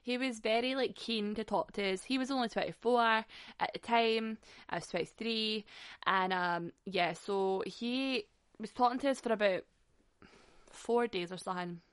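A woman's voice: fairly high pitch, moderate pace, smooth, no echo, clean studio sound. A woman in her twenties telling a story in casual chat, blunt and sweary, laughing as she goes.

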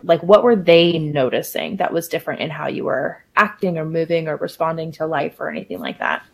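A woman's voice: deep voice, brisk, gravelly, soft background music. A woman interviewer asking curious, hesitant questions, full of "like" fillers.

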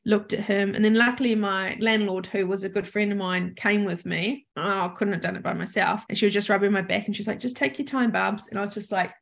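A woman from New Zealand, a podcast guest, candidly telling a personal story and acting out the voices she quotes. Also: mid-range voice. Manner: candid, acts out quoted speech.

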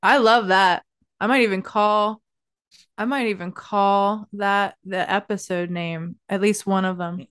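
A woman hosting a casual podcast interview, relaxed and encouraging, laughing often. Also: mid-range voice, unhurried, smooth, no room sound, studio quality. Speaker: podcast host. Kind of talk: casual chat.

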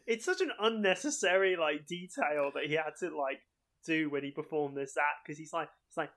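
A man's voice: fairly high pitch, moderate pace, fairly bright tone. A man co-hosting a podcast, making wry joking asides in casual chat. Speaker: podcast co-host.

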